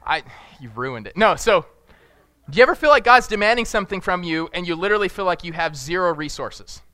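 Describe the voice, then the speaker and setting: A man's voice: fairly high pitch, sharp tone, dry recording. A young man giving a casual, jokey sermon, acting out characters with big jumps in his voice. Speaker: preacher.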